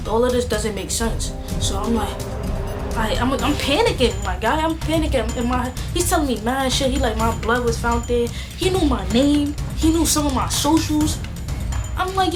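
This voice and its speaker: A young woman with a slightly high voice tells a casual storytime on her vlog, full of slang. She acts out each side of the conversation as she goes. Music plays clearly in the background. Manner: slangy, animated, acts out both sides of conversations. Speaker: vlogger.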